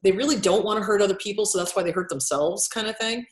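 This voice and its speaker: A woman's voice: medium pitch, fast, echoey room. A woman therapist in casual interview talk, blunt and swearing freely, acting out quotes as she explains. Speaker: therapist and author.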